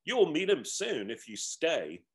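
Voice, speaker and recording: A kindly, serene spirit, read by a man, answers calmly and gently. His voice has a lilting, expressive rise and fall. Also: on the high side, voice pushed up, full character voice. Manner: calm, gentle, unhurried. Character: serene joyful male spirit, calm and kindly.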